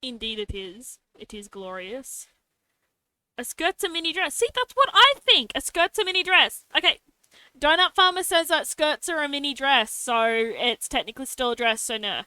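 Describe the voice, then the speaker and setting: A young woman with a bright, forceful voice chats casually while she draws on a live stream. She mutters to herself as she works and drops in playful little sound effects. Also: sits high, lively intonation, normal speed, dry recording.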